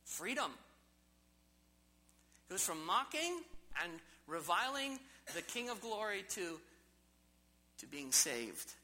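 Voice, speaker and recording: A man's voice: sits high, sing-song, slow pace, pauses often, sharp tone, poor audio. A man preaching a sermon in a church service, emphatic and full of rhetorical questions to the congregation. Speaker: pastor.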